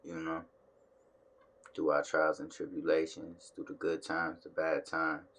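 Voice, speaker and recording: A man's voice: extremely low pitch, monotone, unhurried, a bit bright. A tired man talking casually to his phone camera at home, in a laid-back, slangy way that drawls and trails off. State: tired, yawning. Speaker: vlogger. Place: home room.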